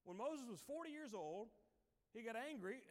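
Male preacher, high animated delivery, dramatic character voices, long church reverb. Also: unhurried. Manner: sings hymn lines mid-sermon. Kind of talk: sermon.

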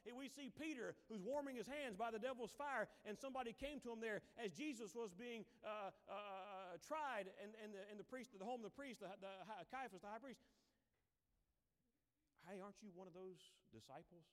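A man preaching a Sunday sermon, acting out Bible figures in quick voices and breaking into hymn lines. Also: extremely high pitch. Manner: dramatic, acts out Bible characters in voices. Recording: long hall reverb.

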